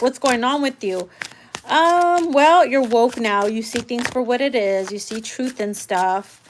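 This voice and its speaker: A woman's voice: a little high, slight background noise. Blunt, casual woman tarot reader. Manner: casual, blunt, swears freely. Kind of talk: live tarot reading.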